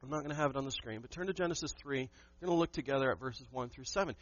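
A man's voice: mid-range voice, racing, lo-fi sound. A man preaching a sermon to his church, emphatic and asking the congregation questions. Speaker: pastor.

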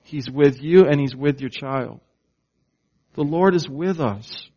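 A pastor preaches slowly and deliberately, hitting key words hard and pausing for the congregation to answer his call-and-response questions. His voice is a little high for a man, with a dark tone, and the recording sounds dull and lo-fi.

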